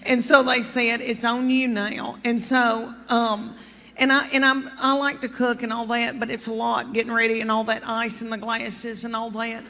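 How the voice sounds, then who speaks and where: A woman's voice: a little high, level tone, pushed and bright. A woman in her fifties with a Southern US accent, telling chatty, folksy stories in a stand-up comedy set. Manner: chatty, folksy storytelling with drawn-out asides. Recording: long hall reverb, clear crowd noise.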